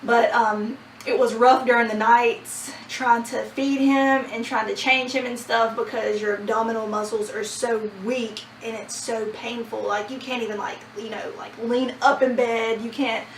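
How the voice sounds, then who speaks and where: A young woman vlogger telling a personal story in a casual, animated way, laughing often. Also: on the high side, unhurried, hardly any pauses, a little hiss or hum. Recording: roomy sound from a distant mic.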